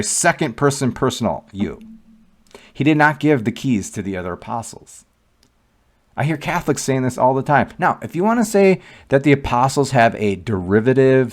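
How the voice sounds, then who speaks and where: Guy talking through bible verses, slightly low voice, punchy and conversational. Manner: conversational, emphatic, rhetorical questions. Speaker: Catholic commentator. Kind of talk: casual commentary on scripture.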